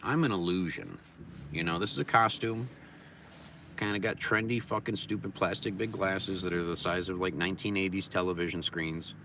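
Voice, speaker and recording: Gruff low-voiced man ranting bluntly. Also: normal speed, bright, forceful tone, recorded from a distance, a little hiss or hum. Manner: rambling, profane and blunt; philosophizing in repeated mantras. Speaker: livestream host. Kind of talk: casual livestream monologue.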